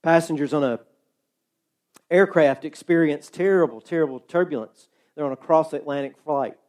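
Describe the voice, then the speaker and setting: A man preaching a sermon, slow and emphatic with dramatic pauses. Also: fairly high pitch, a little mellow.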